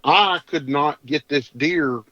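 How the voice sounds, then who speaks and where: A man's voice: a little high, slow pace, pushed and bright, dry recording. Folksy man telling a story. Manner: folksy drawl, rambling with restarts. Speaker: guest. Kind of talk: casual storytelling. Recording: dull dry lo-fi audio.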